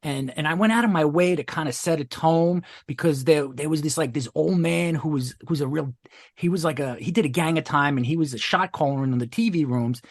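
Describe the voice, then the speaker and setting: A man's voice: on the high side, brisk, dry recording. A middle-aged man, a podcast guest, telling a story in a rambling, profane way with many restarts. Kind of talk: casual storytelling.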